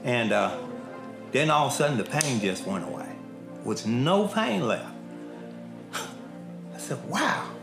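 A man's voice: medium pitch, very animated, unhurried. A middle-aged man in prison gives an earnest, plain-spoken personal testimony in a casual, colloquial way. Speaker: prison inmate giving testimony. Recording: echoey room with faint music.

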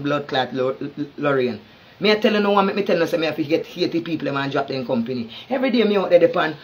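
A high-pitched, slightly rough voice with a Jamaican accent drives this angry social media tirade. The man is heated and confrontational, cursing heavily and tripping over his own repeated words.

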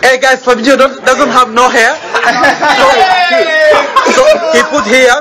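A man putting on a squeaky, giggly voice of a young guy, talking in a silly way. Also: measured pace. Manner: high silly put-on voice, cracking into laughter. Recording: loud crowd noise behind.

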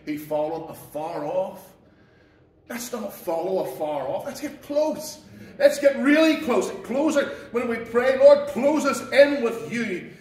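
A Northern Irish pastor preaches in a high-pitched, earnest and folksy way, talking straight to his congregation. His voice rings around an echoey church and is picked up from a distance off the mic. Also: darkish tone, a little hiss or hum. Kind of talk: sermon.

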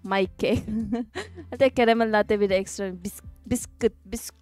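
A young woman with an Indian accent hosts a livestream, casually chatting, joking, and greeting her chat viewers in a playful, giggly way. Her fairly high voice is expressive and moves at normal speed, with faint music in the background.

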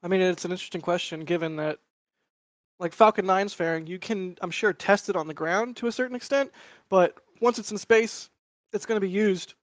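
A man's voice: high-pitched, a little fast, dry recording, clean studio sound. A man co-hosting a live show in casual chat, thinking aloud in a tentative way. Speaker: co-host, photographer.

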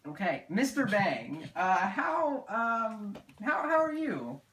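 A man hosting a joking mock interview, delivering deadpan insults and stammering between lines. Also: high-pitched, slow pace, recorded from a distance, slight background noise. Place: studio room. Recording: roomy echo from off mic.

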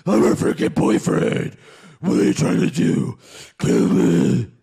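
A man voicing a jealous, hotheaded male caped crusader who leaves ranting, swearing voicemails in a very gravelly growl. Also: slow pace, mellow, natural voice. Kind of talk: comedy voicemail sketch.

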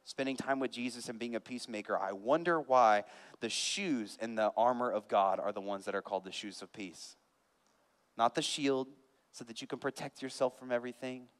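A male pastor delivering a sermon in a church, swinging from hushed earnest appeals to loud, fervent preaching while a band plays behind him. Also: medium pitch, moderate pace. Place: church sanctuary. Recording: long hall reverb with band music. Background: live band playing.

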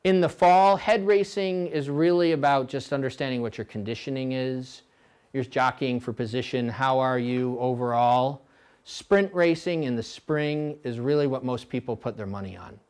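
A middle-aged man coaching coxswains at a clinic, blunt and animated, now and then mimicking rowers in a high voice. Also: normal speed, clear, resonant tone. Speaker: rowing coach.

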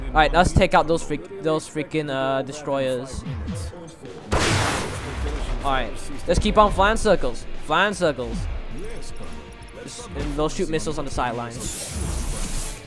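A man giving excitable gameplay commentary, thinking aloud and swearing often. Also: a little high. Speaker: gamer playing a mech game. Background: background music.

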